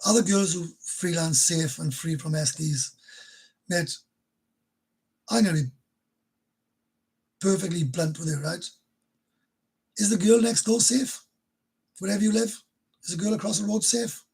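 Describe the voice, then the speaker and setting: A middle-aged man chats bluntly on a casual livestream. His voice is rough and husky and sits a little high for a man, and he swears freely as he talks. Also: measured pace, long pauses, a little mellow, rough recording. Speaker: livestream host.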